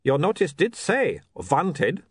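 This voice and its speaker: A man's voice: a little high, huge pitch swings, takes it slowly, husky, dry recording, voice pushed up, heavily acted. A man reading an audiobook voices a formal, eager male vampire photographer with stiff, foreign-sounding phrasing. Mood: earnest.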